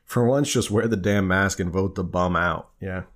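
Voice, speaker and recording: Low-voiced man hosting a casual livestream. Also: moderate pace, fairly bright tone. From New Jersey. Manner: loose, conversational, frequent fillers and restarts. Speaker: livestream host. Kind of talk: casual live-stream chat answering viewer questions.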